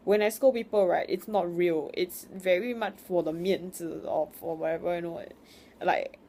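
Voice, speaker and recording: A woman's voice: fairly low pitch, steady tone, normal speed, dark tone, a little hiss or hum. A young woman, venting in a rambling, frank way with swearing as she vlogs from home. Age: young adult. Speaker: vlogger. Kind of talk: casual venting monologue.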